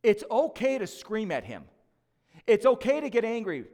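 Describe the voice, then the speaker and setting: Guy pastor with a really high voice, chatty emphatic sermon, cracks little jokes. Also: sing-song, normal speed, darkish tone, long reverb tail. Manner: conversational and emphatic, with joking asides. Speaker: lead pastor.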